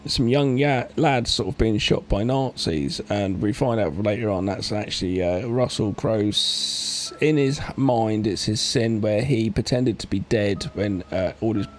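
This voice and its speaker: A man co-hosting a podcast, chatting casually about a film plot and often pausing to restart his sentences. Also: fairly low pitch. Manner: hesitant, with restarts and filler. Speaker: podcast co-host. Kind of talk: casual film recap chat.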